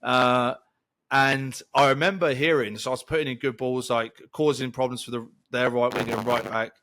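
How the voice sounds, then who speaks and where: Rambling animated young man. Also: medium pitch, normal speed. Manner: rambling, animated storyteller with laughs. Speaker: podcast co-host. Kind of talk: casual storytelling chat.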